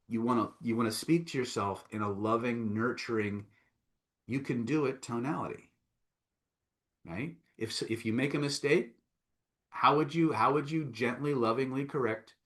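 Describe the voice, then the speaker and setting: A man's voice: lowish voice, a bit bright. A man teaching a live online self-help session, coaxing and emphatic, often checking in with "right?" and "okay?". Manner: coaxing, repeats "right?" and "okay?", reads out chat replies.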